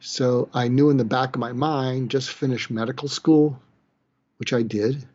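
Older man telling a halting personal story. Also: mid-range voice, steady tone, slightly rough, dull audio. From Boston, East Coast US. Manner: halting, pauses and restarts, sighs, quiet when moved. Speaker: psychiatrist telling his story. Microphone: webcam or video call.

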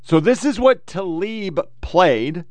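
A man's voice: high voice, lively intonation, no room sound. Sarcastic swearing male podcast host. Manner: sarcastic, heckling, reads quotes fast in a mocking tone. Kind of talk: profane political commentary reading quotes.

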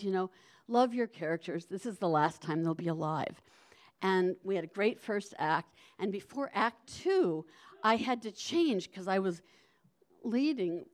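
A woman tells a personal story live on a theater stage, at a middling pitch. She rambles, restarts and circles back. Her tone stays wry and conversational. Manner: rambling, self-interrupting, wry.

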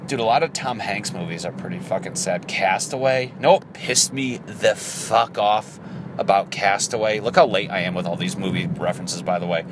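A man's voice: fairly low pitch, fairly even intonation, normal speed, noisy background. A man around thirty rambling crudely through a casual solo podcast, joking and acting out quotes in silly voices. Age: 30s. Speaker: podcast host.

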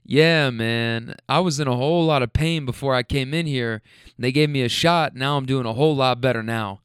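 A laid-back middle-aged passenger, as a storyteller puts him on, speaking a notch lower than the teller's own voice. He is relaxed and chatty, and he lays out painful details matter-of-factly. The voice stays smooth and clear. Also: moderate pace, dry recording, studio quality, natural voice. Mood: easygoing.

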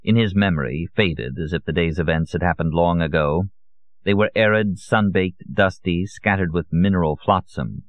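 Male audiobook narrator, very low voice, dry dull recording, measured read. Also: no echo. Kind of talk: scripted narration.

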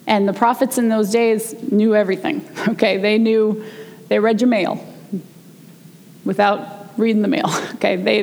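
A woman preaching a sermon, retelling a story in a chatty way and slowing down to stress key words. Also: medium pitch, vocal fry, darkish tone, big-room sound. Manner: conversational storytelling, slows down for emphasis. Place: church sanctuary.

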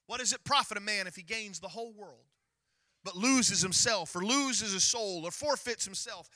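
High, bright-voiced preaching man. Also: moderate pace, no echo. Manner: emphatic preaching, rising to near-shouts, retelling scripture in lively voices. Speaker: pastor. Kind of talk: sermon.

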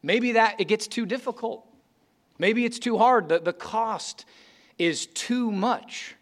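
A man pastor delivers an earnest, emphatic sermon in a church sanctuary, his voice sitting a little higher than most men's. He presses his points hard and often stumbles over the start of a phrase before pushing on. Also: slow, fairly bright tone. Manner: earnest, emphatic preaching with repeated restarts.

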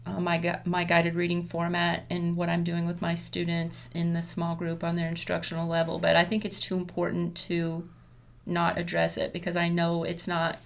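A female elementary school teacher, her voice fairly low and gravelly, describes a classroom method. It's a casual professional chat, friendly and chatty, and she laughs often.

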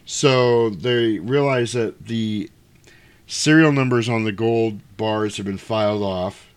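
A man casually retelling a movie's plot, jumping into quick acted-out quotes of the characters. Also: lowish voice, smooth. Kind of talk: casual movie recap chat.

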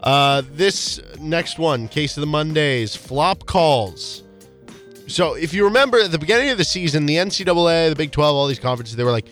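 Animated sports talk man. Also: fairly high pitch, faint music behind. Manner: animated, quick bursts of stats and opinions. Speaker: sports radio co-host.

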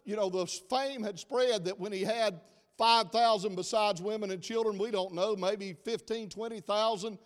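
A man's voice: sits high, fairly even intonation, normal speed. A middle-aged man preaching a sermon in a church, folksy and chatty, joking with his congregation. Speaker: pastor. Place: church sanctuary. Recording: long reverb of a church hall.

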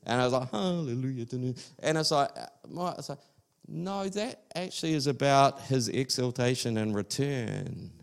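Conversational male pastor with a gravelly voice. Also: mid-range voice, moderate pace. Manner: conversational, fillers and restarts. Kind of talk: sermon. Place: church service.

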